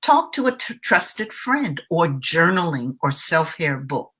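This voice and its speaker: A woman's voice: low voice, big pitch swings, unhurried, sharp tone, breathy edge. A woman giving a motivational self-care talk as a coach, emphatic and speaking straight to the viewer, repeating her key phrases.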